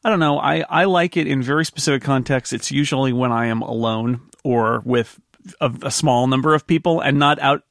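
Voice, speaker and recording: A man on a casual podcast panel, answering in a hesitant, measured way with many pauses. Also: mid-range voice, a bit bright, no room sound, clean studio sound. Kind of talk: casual chat.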